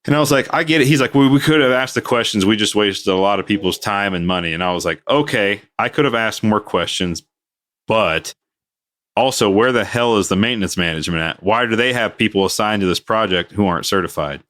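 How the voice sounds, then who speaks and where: Animated deep-voiced male storyteller. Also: brisk. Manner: animated storyteller who acts out quoted voices with big pitch jumps. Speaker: podcast co-host, aviation maintenance worker. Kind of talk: casual storytelling chat.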